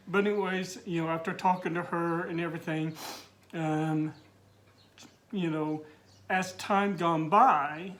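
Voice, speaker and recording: A middle-aged man telling his personal coming-out story, teary and halting, with many fillers and restarts. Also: fairly high pitch, a little hiss or hum.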